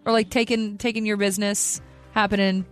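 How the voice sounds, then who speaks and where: A woman co-hosting a casual talk show, animated and quick to laugh. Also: medium pitch, faint music behind. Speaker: co-host. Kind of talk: casual chat.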